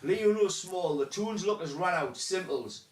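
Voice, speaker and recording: A man's voice: sits high, lively intonation, measured pace. A man co-hosting a casual football podcast, chatting and reading out viewer comments. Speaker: podcast co-host.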